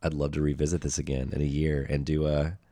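A male podcast host with an extremely deep voice and a flat, even delivery. He thinks out loud in a reflective, rambling way. He speaks casually to his guest. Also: fast talker. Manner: reflective, rambling, many fillers and restarts. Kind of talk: casual interview talk.

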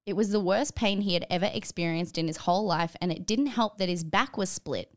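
A woman's voice: fairly low pitch, a little fast. A young woman reading a story aloud as a podcast guest, giggling and chatting between passages. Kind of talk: comedic dramatic reading and chat.

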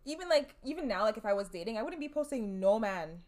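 A woman's voice: on the high side, big pitch swings, quick pace, a little mellow. A woman in a casual chat, telling a story at an easy pace and laughing often.

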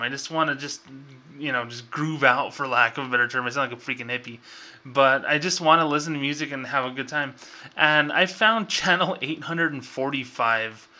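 A man hosts his own show in a loose, exasperated rant, doubling back and restarting sentences as he goes. His voice sits at an ordinary pitch but has a very bright, cutting edge. He talks with a sarcastic bite and plenty of fillers. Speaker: podcast host. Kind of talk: casual ranting commentary.

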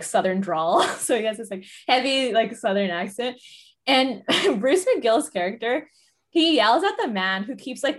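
A woman casually reviewing a film, retelling scenes in a rambling, filler-heavy way. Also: medium pitch.

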